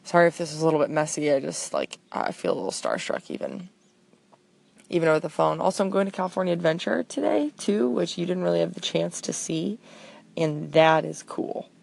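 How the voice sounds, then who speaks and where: A woman's voice: fairly low pitch, sing-song, brisk, creaky, a little mellow. A young woman hosting a show, rambling through a comic voicemail in a chatty, self-deprecating way. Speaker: podcast host.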